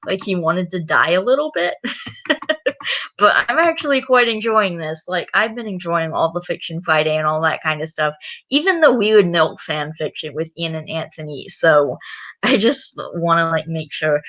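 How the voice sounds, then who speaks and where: A woman's voice: on the low side, expressive, moderate pace, sharp tone, lo-fi sound. A young woman YouTuber chatting casually between read-aloud lines, laughing often and saying "like" a lot. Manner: chatty, laughs often, many filler likes. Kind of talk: casual read-along chat.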